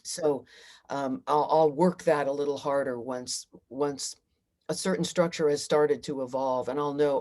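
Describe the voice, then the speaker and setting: A woman's voice: deep voice, fairly even intonation, normal speed, a little mellow. A middle-aged woman, a singer-songwriter, talking reflectively in a casual interview.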